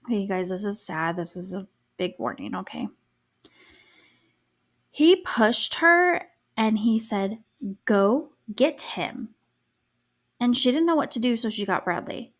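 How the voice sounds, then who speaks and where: A young adult woman hosting a true crime podcast, telling the case in a casual, sarcastic way, full of "like" and swearing freely. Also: medium pitch. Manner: chatty, sarcastic, frequent "like" filler, swears freely. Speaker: podcast host.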